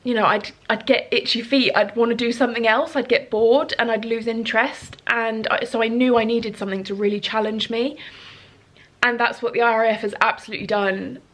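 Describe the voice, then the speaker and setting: A woman's voice: on the high side, fairly even intonation, a little fast, fairly bright tone. A woman, chatting earnestly to camera at home as a vlogger. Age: 30s. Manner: earnest, chatty, rambling with fillers. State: emotional, sniffling. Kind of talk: casual chat to camera.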